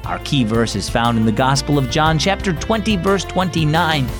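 A man hosting and narrating a scripted children's devotional story, reading clearly and expressively. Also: a little high, normal speed, over music.

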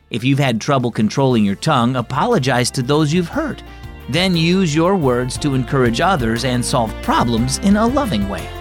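A man's voice: medium pitch, dry recording. Cheery guy host talking to kids, bouncy voice, dry close mic, little music under. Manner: bright, upbeat, talks directly to kids. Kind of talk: children's devotional narration.

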